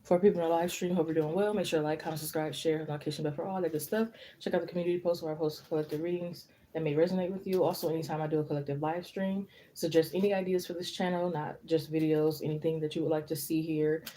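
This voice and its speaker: Mellow-voiced young woman chatting on a live stream. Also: deep voice, fairly even intonation, quick pace, few pauses, a little hiss or hum. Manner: rambling, chatty storytelling with many fillers. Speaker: tarot reader hosting a live stream. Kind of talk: casual live-stream chat.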